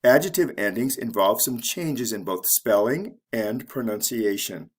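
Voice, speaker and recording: A man teaching an English pronunciation lesson, spelling out word endings letter by letter in a measured, deliberate way. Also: mid-range voice, lively intonation, breathy edge. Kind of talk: slow scripted grammar lesson.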